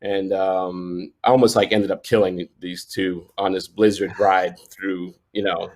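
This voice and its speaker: A man in his forties tells a story in casual conversation, with a fairly low voice. He rambles and keeps restarting sentences, with plenty of fillers. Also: little pitch movement, measured pace, a little mellow. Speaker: sports photojournalist guest.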